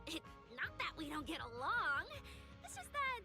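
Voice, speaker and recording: Game voice: hesitant young idol, very high-pitched, over game music. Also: female voice, sing-song, normal speed, sharp tone, full character voice. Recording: game audio under music.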